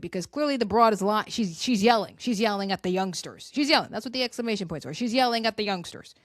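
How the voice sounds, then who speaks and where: A woman's voice: mid-range voice, lively intonation, fast talker, hardly any pauses, no echo, studio quality. A young woman ranting through political commentary, heated, sarcastic and emphatic. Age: young adult. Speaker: commentary vlogger.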